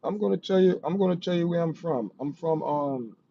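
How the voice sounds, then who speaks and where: A man's voice: on the high side, fairly quick, vocal fry, dark tone. A man with a Jamaican accent, hosting a casual livestream and chatting with viewers in a rambling way, repeating himself and often saying "you know what I mean". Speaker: livestream host. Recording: dull lo-fi stream audio with faint noise.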